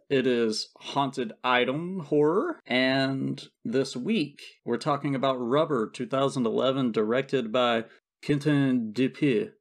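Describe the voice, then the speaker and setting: A man from South Georgia, hosting a casual movie podcast, swearing freely and laughing often. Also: mid-range voice. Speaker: podcast host.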